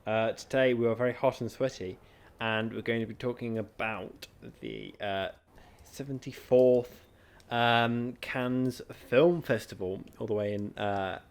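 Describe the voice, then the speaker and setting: A man's voice: medium pitch, expressive, measured pace, smooth. Rambling young British man, chatty host. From Britain. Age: young adult. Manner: rambling with many fillers. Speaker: podcast co-host. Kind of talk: casual chat.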